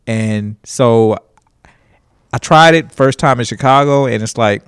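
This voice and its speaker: A man with a Southern Alabama accent spins animated stage stories on a casual podcast, laughing along as he goes. His mid-range voice sits dry and close to the mic. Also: mid-range voice, unhurried, clean tone, dry recording. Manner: animated storyteller, chuckling often. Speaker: guest stand-up comedian.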